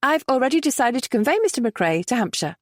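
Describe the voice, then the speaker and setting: A woman's voice: sits high, big pitch swings, fast talker, no room sound, studio quality, pitched above the performer's own voice. A woman voicing a strong-willed young noblewoman who speaks urgently and emphatically. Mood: insistent.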